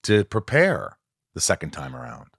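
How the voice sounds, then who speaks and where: A man hosting a podcast interview, enthusiastic and chatty, often dropping into low confiding asides. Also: wildly swooping pitch, normal speed, fairly bright tone, husky, dry recording, clean studio sound. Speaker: podcast host. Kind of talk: casual interview chat.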